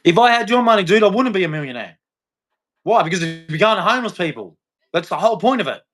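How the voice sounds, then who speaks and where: A man's voice: high voice, expressive, fast talker, a bit bright. A man, ranting about faith straight to camera in a repetitive, heckling, preachy way. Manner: repetitive, heckling, challenging the listener. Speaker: vlogger. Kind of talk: preachy religious rant to camera.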